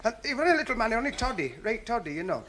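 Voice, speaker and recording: Lively Northern English comedian, high voice. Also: male voice, quick pace. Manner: chatty storyteller, folksy dialect. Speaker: stand-up comedian. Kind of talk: stand-up joke telling.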